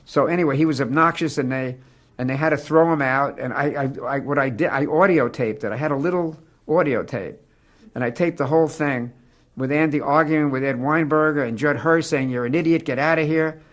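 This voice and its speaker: A man's voice: mid-range voice, brisk, fairly bright tone. A man recounting a past studio incident in loose, rambling conversation. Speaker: interviewee recalling a studio incident. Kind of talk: conversational recollection.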